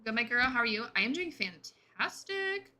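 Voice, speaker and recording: A woman's voice: on the high side, big pitch swings, moderate pace, pushed and bright. A woman streaming a game, chatting casually and answering her chat as she plays. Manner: chatty, reads and answers chat while playing. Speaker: gaming streamer.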